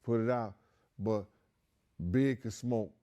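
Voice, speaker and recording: A man's voice: mid-range voice, fairly even intonation, takes it slowly, dark tone, dull audio. A man casually recounting a long story with slangy street talk, rambling along with many fillers like "you know" and "um". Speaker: guest storyteller.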